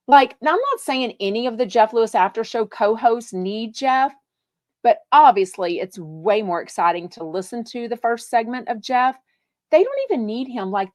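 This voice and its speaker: A woman's voice: mid-range voice, no room sound, clean studio sound. A woman from Texas, hosting a live podcast, chatting casually and reading out viewer comments in a bubbly, gushing way with lots of fillers. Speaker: podcast host.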